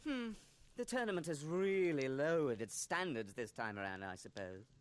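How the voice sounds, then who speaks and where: Sneering, haughty rival wizard. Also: female voice, sits low, expressive, normal speed, no room sound. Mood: smug. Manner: condescending, smug. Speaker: game character. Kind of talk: video game character dialogue.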